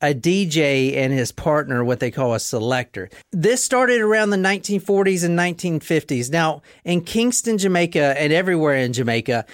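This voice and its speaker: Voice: medium pitch, lively intonation, normal speed, few pauses, no echo, studio quality. A podcast host explaining history in a casual, emphatic storytelling way, now and then swearing.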